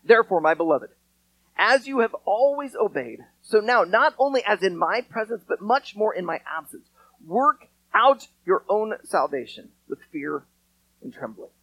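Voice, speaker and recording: A man's voice: high-pitched, expressive, moderate pace, fairly bright tone, no echo, poor audio. A man preaching a sermon as pastor, talking to the congregation in an earnest, conversational way with touches of dry sarcasm.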